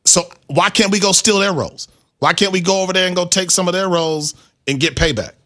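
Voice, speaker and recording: Male sports radio host, bright voice, halting self-mocking chatter. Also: high-pitched. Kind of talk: casual sports radio chat.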